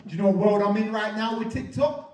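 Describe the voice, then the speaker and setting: A man's voice: high voice, fast talker, recorded from a distance, heavy background noise. A man doing a crude, rowdy stand-up comedy set in a club, often laughing through his lines. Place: comedy club with live audience. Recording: echoey room, from afar, loud crowd.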